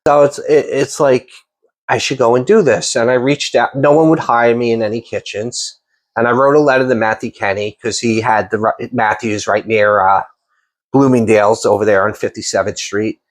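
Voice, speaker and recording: At a medium pitch and moderate pace, a man hosts an easygoing interview, drifting into long, lively anecdotes with many restarts. He's a podcast host and chef.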